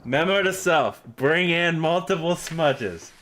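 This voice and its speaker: A man streaming a horror game, chatting about his moves, laughing often and breaking into shouts when things go wrong. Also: fairly high pitch, expressive, slow pace. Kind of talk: live gameplay commentary.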